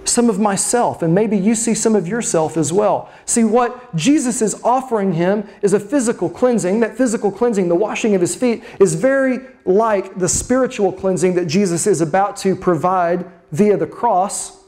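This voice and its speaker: A preacher giving an expressive sermon at a mid-range pitch. Key words are drawn out slowly for drama, and rhetorical questions are put to the listeners.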